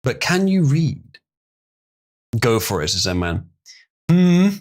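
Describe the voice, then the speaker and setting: A man's voice: mid-range voice, big pitch swings, slow pace, a little mellow. A man casually chatting on a live stream, reading hard terms aloud and stumbling over some words.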